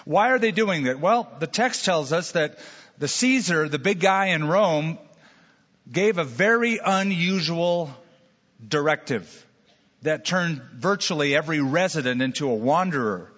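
A man's voice: a little high, animated, unhurried, a bit bright. A man preaching a sermon as pastor, telling stories with folksy asides and jokes. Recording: dull long-reverb hall sound.

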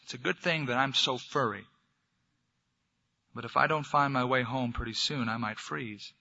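A man voicing a kind, lonely young male bunny who speaks earnestly and gently. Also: mid-range voice, fairly even intonation, moderate pace, gravelly, in a large hall, heavily acted. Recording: dull lo-fi recording.

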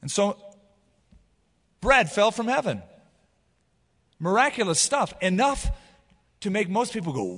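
A man preaching a sermon as pastor, retelling scripture in a casual, animated way. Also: high-pitched, unhurried, pauses often, big-room sound. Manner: casual, animated storytelling with paraphrase.

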